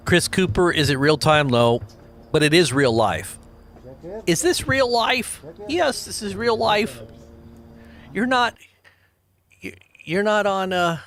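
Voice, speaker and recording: A man's voice: mid-range voice, a little hiss or hum. A man hosting a casual livestream, rambling between scripture and videos and reading out viewer names with chuckles. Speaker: livestream host.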